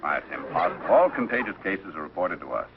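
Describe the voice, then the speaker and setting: An actor playing a brisk, dismissive health department official in a 1940s radio sitcom. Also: male voice, low voice, sing-song. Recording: dull old radio broadcast with faint hiss.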